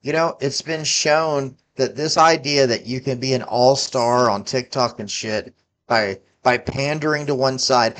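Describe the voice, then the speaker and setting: A man's voice: mid-range voice, unhurried, fairly bright tone. A man in his forties ranting about politics, heated and profane, scolding his listeners. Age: 40s. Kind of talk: angry political rant to camera.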